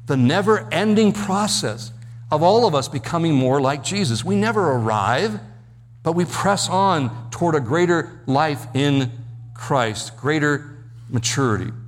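A man's voice: fairly high pitch, expressive, a little slow, in a large hall, a little hiss or hum. A man preaching an expository sermon as pastor, explaining Bible verses and Greek words step by step.

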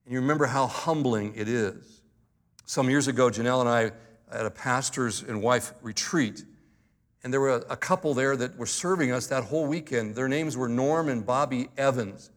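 An earnest pastor preaching at a mid-range pitch, his delivery measured and emphatic. He drags out key words for weight, then eases into light humorous asides before returning to the point. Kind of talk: sermon.

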